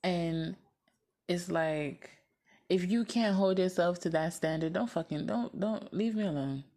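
A woman's voice: lowish voice, measured pace, mellow. A woman venting to the camera in a casual, blunt and profane way, often repeating herself and laughing.

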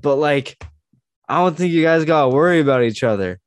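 A man's voice: a little high, brisk, clear, resonant tone, dry recording. A man guesting on a podcast who chats casually and acts out what people said as he tells a story. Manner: excitable storyteller, acts out quotes. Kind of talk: casual sports chat.

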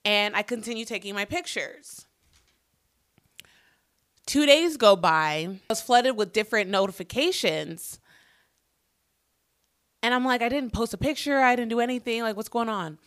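A woman's voice: medium pitch, bright, forceful tone. A woman telling a personal story in a casual monologue, blunt and swearing freely, acting out her own past lines as she goes.

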